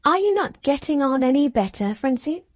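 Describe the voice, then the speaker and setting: A gentle, earnest young woman who speaks plainly and with quiet firmness, read by a woman in an audiobook. The voice is fairly high and lively in pitch. It sounds dry and close. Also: normal speed, no room sound. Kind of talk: audiobook character reading.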